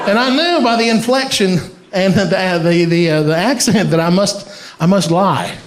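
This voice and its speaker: A man doing stand-up with a high voice and a punchy delivery, often laughing as he talks. The sound echoes around a roomy venue. Clear crowd noise runs underneath. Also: normal speed. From American South. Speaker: stand-up comedian. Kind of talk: stand-up comedy set. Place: live comedy venue.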